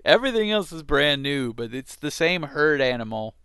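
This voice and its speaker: A man's voice: on the high side, big pitch swings, moderate pace, sharp tone, smooth, no echo, clean studio sound. A man co-hosting a casual comic review chat, joking and reading lines in playful mock voices. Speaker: podcast co-host.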